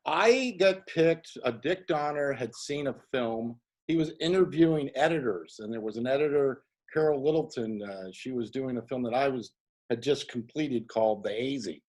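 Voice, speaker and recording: A man who is a guest actor on a video call, telling an anecdote in a casual, animated way. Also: mid-range voice, moderate pace. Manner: animated storyteller, acts out quoted voices.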